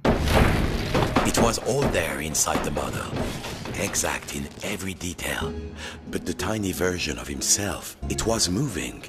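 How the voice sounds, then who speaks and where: A man's voice: deep voice, expressive, measured pace. A man narrating a storybook game tale in a playful, theatrical way, with French exclamations. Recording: game audio with music behind.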